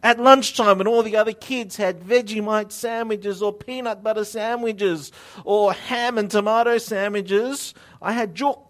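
Slow, joking preacher man. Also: sits high, fairly even intonation. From Australia. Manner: conversational, self-deprecating humor, slow deliberate delivery. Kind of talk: sermon.

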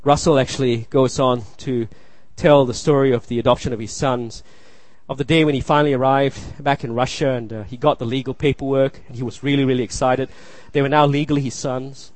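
A man's voice: mid-range voice, fairly even intonation, brisk, no echo. A man in his thirties preaching a sermon, earnest and repetitive, often asking his listeners "you see?". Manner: earnest, repeats phrases, asks the room "you see?". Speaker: pastor.

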